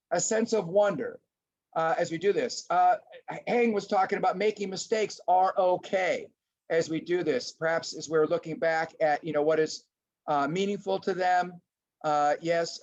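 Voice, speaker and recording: A middle-aged man presenting a lively webinar lecture to teachers, acting out little scenes as he goes. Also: high-pitched. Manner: animated, acts out little scenes in voices. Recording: dull lo-fi webinar audio.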